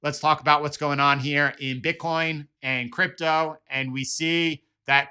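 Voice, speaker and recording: A man's voice: on the high side, fairly even intonation, unhurried, few pauses, pushed and bright, clean tone. A man hosting casual market commentary, talking conversationally with many restarts and repeated words. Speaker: market analysis host.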